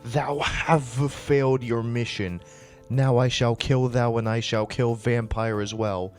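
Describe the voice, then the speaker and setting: A man doing a raspy evil dark lord. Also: mid-range voice, steady tone, slow, faint music behind, close to an everyday voice. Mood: menacing.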